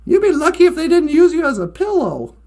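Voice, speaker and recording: Brief: sly, boastful storybook fox with a gravelly edge, played by a woman. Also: high voice, sing-song, a little fast, warm tone. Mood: teasing, cocky. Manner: cocky, teasing. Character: sly male fox, boastful egg thief.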